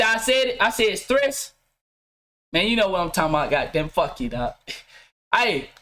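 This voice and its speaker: Middle-aged man, high pitch, blunt, preachy, profane, home game room. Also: pushed and bright. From Mississippi. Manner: blunt, preachy, swearing freely, talks to his chat. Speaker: vlogger. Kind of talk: casual profane rant to camera.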